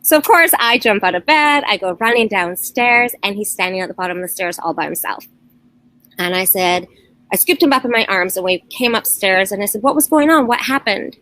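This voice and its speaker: A woman's voice: medium pitch, expressive, fairly quick, bright, forceful tone, rough recording. A middle-aged woman recounting strange happenings in her home for a documentary interview, earnest and storytelling, often quoting her children. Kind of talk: personal account, documentary interview.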